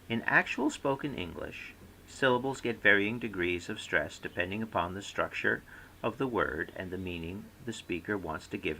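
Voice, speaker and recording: A man's voice: fairly low pitch, gravelly, pushed and bright, a little hiss or hum, low-quality recording. A man giving a scripted recorded lecture as a course instructor, reading aloud and demonstrating word stress by example.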